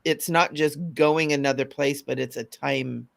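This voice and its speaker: A woman with a strongly gravelly, creaky voice co-hosts a casual spiritual talk show as a mystic. She sounds enthusiastic and affirming and keeps checking that her partner agrees. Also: very deep voice, steady tone, measured pace. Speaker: mystic co-host.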